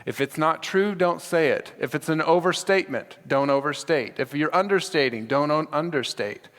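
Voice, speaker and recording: Male pastor, animated sermon delivery acting out scenes, recorded in a church with long reverb. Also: fairly high pitch, moderate pace. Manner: animated, acts out scripture with dramatic voices. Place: church sanctuary.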